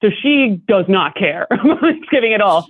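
Young woman guest, animated storyteller who laughs a lot, tinny phone-quality audio. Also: medium pitch, normal speed, dry recording. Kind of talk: casual podcast chat. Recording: dry, tinny phone-like line.

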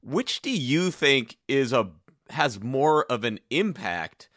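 Bright, lively-voiced male podcast host. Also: medium pitch, slow pace, no room sound, clean studio sound. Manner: curious, asks long rambling questions. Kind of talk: casual interview chat.

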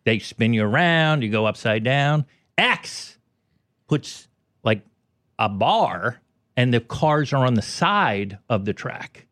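A middle-aged comedian from the United States, chatting as a podcast guest and explaining things in quick restarts. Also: male voice, mid-range voice, animated, a bit bright, no echo, studio quality. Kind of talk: casual podcast chat.

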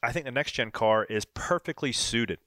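A man hosting a podcast, chatting loosely and excitedly about racing. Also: mid-range voice, moderate pace, no echo. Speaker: podcast host and race driver. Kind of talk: casual podcast banter.

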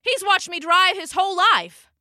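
A panicked train engineer bellowing urgent warnings in a storybook reading, the voice high and bright and swinging widely in pitch, as a woman narrator puts him on. Dry and close, with no room sound. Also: normal speed, dry recording, heavily acted. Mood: worried. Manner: shouted, urgent lines. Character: frantic male train engineer, shouting.

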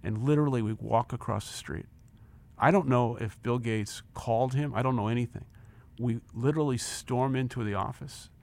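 A gravel-edged man in his sixties recounts a story in an interview. He acts out every bit of dialogue and stumbles over repeated words when the moment gets intense. His voice sits at an ordinary middle pitch. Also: moderate pace, darkish tone. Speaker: interview guest, former company chief.

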